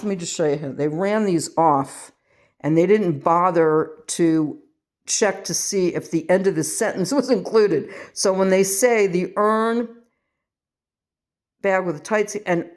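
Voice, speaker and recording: An older woman from the western United States talks through a casual home vlog, reading aloud and drifting into rambling asides. She pokes fun at herself as she goes, and her voice sits on the low side. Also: darkish tone. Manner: rambling and self-mocking, with quick laughs. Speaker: vlogger.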